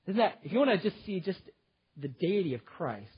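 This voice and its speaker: A man preaching a sermon, moving from loud, emphatic lines down to quiet, intense ones. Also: high-pitched, very animated, a little fast, slightly rough, muffled recording. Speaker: pastor.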